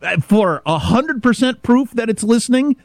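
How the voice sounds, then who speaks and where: Recorded dry, a middle-aged man from Kansas speaks at a moderate pace as he chats on his casual talk show. He spins a story animatedly, performing the dialogue himself, and his pitch climbs as he gets worked up.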